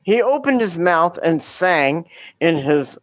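A middle-aged woman telling a story about her teaching days, with a deliberate, dramatic delivery and wry humor. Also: on the low side, very animated, no echo.

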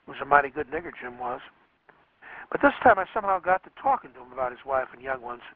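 A man reading as a plainspoken rural boy narrator in a Southern US rural dialect, with measured, folksy delivery. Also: mid-range voice, sing-song. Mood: plain. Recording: dry, tinny phone-like radio sound.

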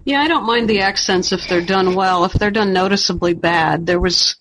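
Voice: medium pitch, normal speed, fairly bright tone, low-quality recording. A book club member talks in a critical, matter-of-fact way. A faint hiss sits behind the voice. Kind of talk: casual group chat.

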